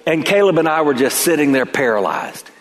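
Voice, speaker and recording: A man's voice: fairly high pitch, expressive, brisk. A middle-aged man preaching a sermon to his church, telling a personal story that builds to emphatic peaks. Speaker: pastor. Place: church sanctuary. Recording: long church reverb.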